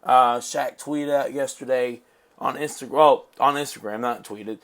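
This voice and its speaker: A man's voice: mid-range voice, steady tone, a little slow, a bit bright. Agreeable man hosting a sports chat. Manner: agreeable, reads posts aloud. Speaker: host. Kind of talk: casual sports talk.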